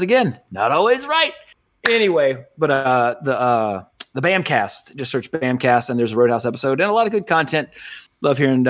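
A man hosting a podcast in casual chat, rambling and correcting himself, laughing often. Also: medium pitch. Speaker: podcast host.

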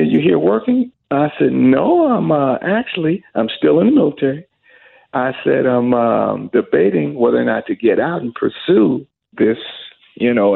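A man with a medium-pitched voice, vocal fry and a breathy edge tells a story animatedly in an interview, acting out the quoted dialogue. The recording sounds phone-like and narrow-band, with faint music.

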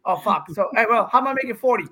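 A man in his fifties from India, a pickleball pro appearing as a podcast guest, talks in a high voice at a racing speed. Excitable and joking, he rambles through stories in casual chat.

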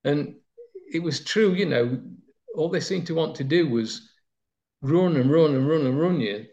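A man with a slightly high, mellow voice takes his time recalling his football years. He's from Nottinghamshire, and the reminiscing interview wanders through anecdotes with lots of fillers, recorded in somewhat dull lo-fi quality.

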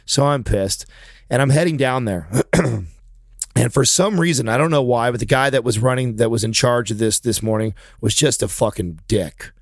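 A man's voice: mid-range voice, normal speed, no room sound, clean studio sound. A man telling a long story in casual chat, swearing often and getting heated as he goes. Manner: profane, animated, heated storytelling.

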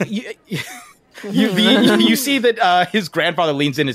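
A woman's voice: on the low side, animated, unhurried, dry recording. A woman game master narrating a tabletop game in a casual, chatty way with many fillers.

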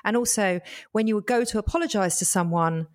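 A middle-aged woman co-hosting a podcast in casual chat, earnest and reflective, slowing down to make her points. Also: medium pitch. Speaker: podcast co-host.

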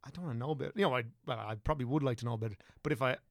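Brief: young Irish man, podcast guest, gravelly voice, dry close mic, loose rambling talker. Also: medium pitch, very fast, no room sound. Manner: rambling, self-correcting, chatty. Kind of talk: casual podcast chat.

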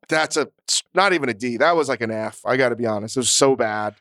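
Smooth-voiced man, blunt and profane. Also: medium pitch, a bit bright, no room sound, clean studio sound. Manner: blunt, profane, self-mocking. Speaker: podcast co-host. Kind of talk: casual chat.

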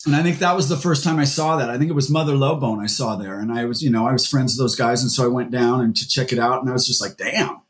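A man's voice: medium pitch, fast talker, few pauses. Guy rambling thru old gig stories, lots of um and you know. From Seattle area. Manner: rambling, full of fillers and restarts. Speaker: musician guest. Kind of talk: casual interview storytelling.

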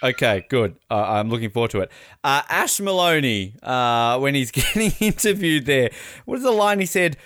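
A man's voice: mid-range voice, sing-song, normal speed, a bit bright, no echo, clean studio sound. An Australian man co-hosting a podcast, chatting casually and animatedly, with rambling asides and laughter. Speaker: podcast co-host. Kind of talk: casual chat recapping sports.

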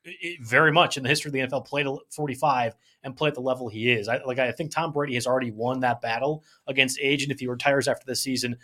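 A man's voice: medium pitch, steady tone, racing, few pauses, pushed and bright. A man co-hosting a sports betting podcast, blunt and opinionated in casual chat. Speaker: podcast co-host.

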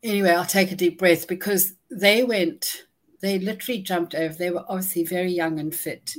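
Shaken woman telling a hard story. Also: on the low side. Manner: halting, restarts often, audibly shaken but composed. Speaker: interviewee recounting a personal ordeal. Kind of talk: emotional first-person storytelling.

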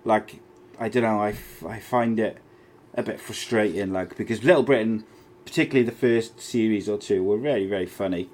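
A man's voice: fairly low pitch, a little fast, darkish tone. A man hosting a casual podcast, reading out listener messages with blunt, mock-offended humour. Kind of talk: casual chat.

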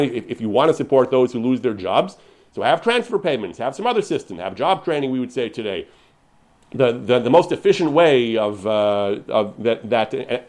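A man giving an unscripted lecture on religious law, paraphrasing sources with lively emphasis and frequent restarts. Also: mid-range voice. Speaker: lecturer on Jewish law and history.

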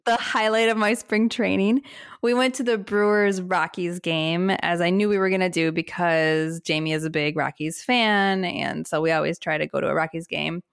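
A woman's voice: fairly low pitch, steady tone, moderate pace, creaky, smooth, no echo, clean studio sound. A woman co-hosting a podcast, telling a story in a casual chat and often laughing. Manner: giggly storytelling, acts out quotes. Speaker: podcast co-host.

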